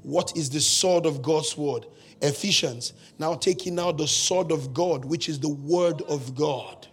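A man's voice: fairly high pitch, a little slow, slightly rough. A man preaching a sermon as pastor, mixing humorous asides with dramatic retellings and bold declarations.

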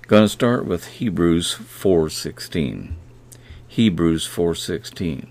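A man hosting a devotional podcast, reading Bible verses slowly and repeating key phrases. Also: low-pitched, expressive, darkish tone. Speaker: podcast host.

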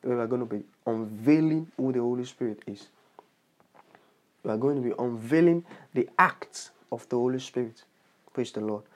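A man's voice: medium pitch, moderate pace. A man preaching on his podcast as a bishop, leading a prayer with earnest repetition and cries of praise. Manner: earnest, repeats phrases, exclaims praise. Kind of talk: podcast sermon with altar call.

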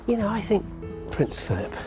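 A man's voice: high-pitched, big pitch swings, moderate pace, music in the background. A man walking his dog outdoors, thinking aloud in a rambling, musing monologue with restarts and chuckles. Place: outdoors on a street walk.

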